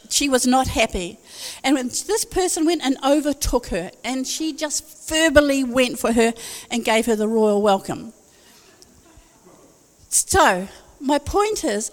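A woman preaching a sermon, telling stories in a conversational way with wry asides. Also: sits high. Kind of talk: sermon with storytelling. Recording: long hall reverb.

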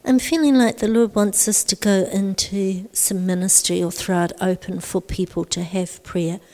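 A woman's voice: medium pitch, fairly even intonation, normal speed, a little mellow. Earnest woman leading prayer.

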